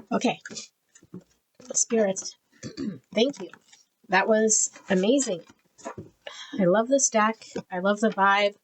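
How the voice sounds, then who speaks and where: A woman's voice: medium pitch, takes it slowly, long pauses, a little hiss or hum, low-quality recording. A middle-aged woman reading tarot, gushing over each card and getting emotional as she flips through a deck. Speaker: tarot reader.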